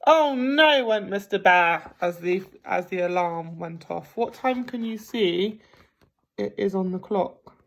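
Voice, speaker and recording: A woman teacher reading a picture book aloud to children at a gentle pace, pausing to ask them questions. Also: on the low side, steady tone, gravelly. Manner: gentle, slow, asks the listeners questions. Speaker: primary school teacher. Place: home.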